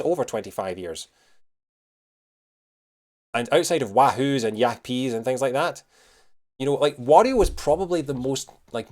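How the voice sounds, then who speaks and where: A man's voice: mid-range voice, a little mellow. A man live-streaming, chatting casually and rambling with many fillers as he answers his chat. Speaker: streamer reacting to news.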